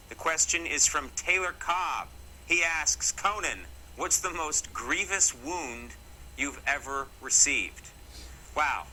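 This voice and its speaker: A middle-aged man hosts a comedy bit, spinning stories in a jokey, mock-serious way with dry asides. His voice is very bright and sharp, sitting a little high for a man. A faint background hiss runs under the recording. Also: rough recording. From Massachusetts, USA. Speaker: comedy show host. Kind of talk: comic talk to camera.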